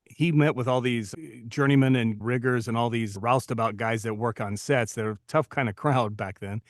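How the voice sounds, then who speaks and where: A man in his fifties, co-host of a podcast, telling stories from his acting career in a relaxed, reflective way. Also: medium pitch, moderate pace, dry recording, studio quality. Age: 50s. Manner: storytelling, reflective. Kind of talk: casual podcast chat.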